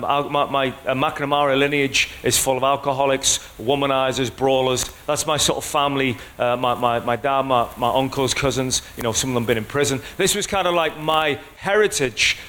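A man's voice: on the high side, fairly bright tone, a little hiss or hum. A man preaching a sermon in a conversational way, often checking in with the congregation.

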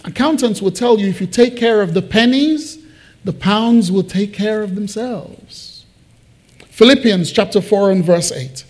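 A man preaching a sermon to his church, conversational and animated, with joking asides. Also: high voice, unhurried. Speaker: pastor. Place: church building.

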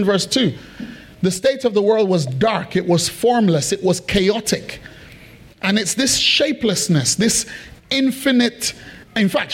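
A preacher delivers a sermon in a notably high voice for a man. He repeats phrases for emphasis and keeps checking in with the congregation, pressing each point home. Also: husky. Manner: emphatic and repetitive, asks the congregation questions. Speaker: pastor.

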